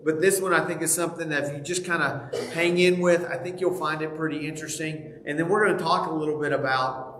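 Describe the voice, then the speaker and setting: Texan man, folksy Bible class teacher, stop-start delivery, slightly high voice, roomy church sound with faint hiss. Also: fairly bright tone. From Texas. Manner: folksy, halting, many fillers and restarts. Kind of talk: casual church class talk. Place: church auditorium. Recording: echoey church room, faint noise.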